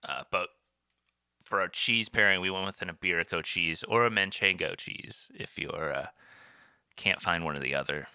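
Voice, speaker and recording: A man co-hosting a casual podcast, reading wine and cheese pairing notes in a laid-back way with many pauses and fillers. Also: low-pitched, sharp tone, smooth, dry recording, studio quality. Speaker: podcast co-host. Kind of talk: casual chat.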